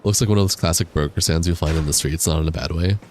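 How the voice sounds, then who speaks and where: A man's voice: rumbling low, fast talker. A young man with the hiccups, chatting casually and slangily with his viewers while he plays a game. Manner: slangy, reads viewer chat aloud and answers it. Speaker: game streamer. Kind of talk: casual live-stream chat while gaming. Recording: game sounds and explosions behind voice. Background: loud game noise, artillery fire.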